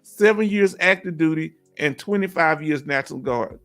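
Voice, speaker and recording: A middle-aged man from Houston, hosting a casual livestream and warmly encouraging viewers as he reads their comments. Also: a little high, normal speed. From Houston, Texas. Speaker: livestream host. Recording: faint music behind.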